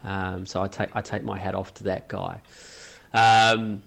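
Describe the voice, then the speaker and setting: A man, a guest podcast host chatting casually, halting and hesitant with many fillers. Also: deep voice, little pitch movement, creaky, a bit bright. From Australia.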